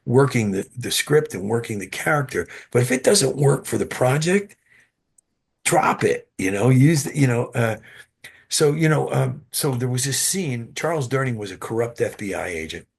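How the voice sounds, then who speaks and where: A man guest, an actor, telling animated stories in an interview with frequent restarts, heard over a video call. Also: medium pitch, moderate pace, creaky, slightly rough. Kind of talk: interview storytelling.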